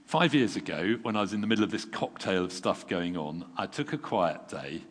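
Deep-voiced man preaching in a hall. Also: animated, moderate pace. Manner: conversational, self-deprecating, with chuckles and restarts. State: tired. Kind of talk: sermon. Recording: long reverb from a large hall.

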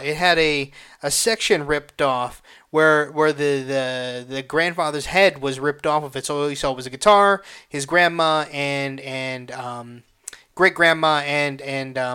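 A man hosting a casual solo podcast, retelling a movie with heavy swearing and halting restarts, emotional and excitable. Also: on the high side, smooth. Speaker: podcast host.

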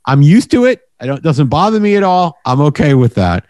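A man co-hosting a casual racing podcast, giving measured opinions and checking in with a "right?". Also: fairly high pitch, very animated, a little mellow, dry recording. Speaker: co-host.

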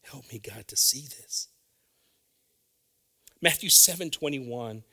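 A male pastor preaching a sermon, dropping into hushed whispers and then rising to emphatic, loud lines. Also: mid-range voice, lively intonation, slow pace, breathy edge.

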